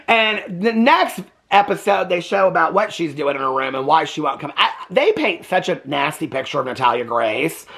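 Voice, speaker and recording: A man hosting a reaction video, recapping a documentary in casual, exasperated commentary with quick asides. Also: a little high, creaky, fairly bright tone.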